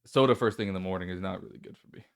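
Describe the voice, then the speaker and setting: Nervous, rambling lowish male podcast host. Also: rapid-fire, clear, resonant tone, dry recording, clean studio sound. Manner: nervous, rambling with many restarts. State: voice cracking. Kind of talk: casual podcast storytelling.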